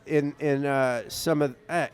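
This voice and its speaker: A man's voice: a little high, fairly even intonation, a little slow, smooth. A man co-hosting a podcast, chatting casually over beers, rambling with many fillers and restarts. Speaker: podcast co-host.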